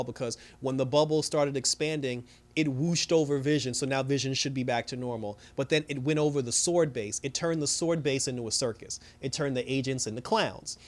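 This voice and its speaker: A man hosting a casual TV episode recap, talking in an animated, chatty way with lots of fillers. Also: mid-range voice. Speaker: TV review host.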